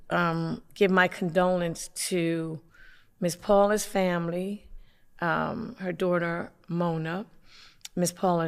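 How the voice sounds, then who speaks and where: Gravelly-voiced local councilwoman, halting delivery. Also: on the low side. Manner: halting, many fillers and pauses. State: has the hiccups. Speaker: city councilwoman hosting a local community show. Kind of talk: casual community announcements.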